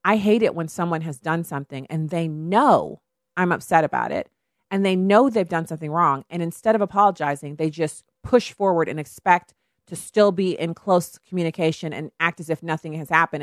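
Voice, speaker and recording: A woman hosting a talk radio show, speaking in an animated way and mimicking other people in quoted asides. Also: lowish voice, brisk, no room sound, clean studio sound. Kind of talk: conservative talk radio commentary.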